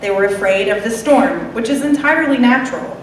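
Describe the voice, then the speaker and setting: A woman's voice: fairly high pitch, lively intonation, fairly quick, slight background noise. A woman delivering a sermon in a conversational way, with wry asides. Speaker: preacher. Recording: echoey hall, mic far off.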